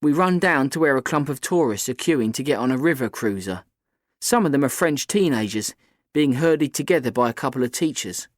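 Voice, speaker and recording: Male narrator, mid pitch, dry close reading, steady storytelling. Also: fairly quick, dry recording. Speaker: audiobook narrator. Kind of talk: scripted first-person narration.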